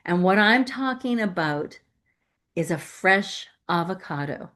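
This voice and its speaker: A woman's voice: lowish voice, lively intonation, measured pace, a bit bright. A woman giving a playful, emphatic inspirational sermon as a guest speaker, laughing often. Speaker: guest speaker at a spiritual center.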